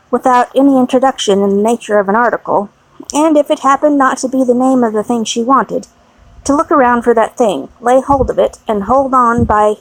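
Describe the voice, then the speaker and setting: A woman narrating an audiobook in a measured, expressive reading. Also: on the high side, no echo, rough recording.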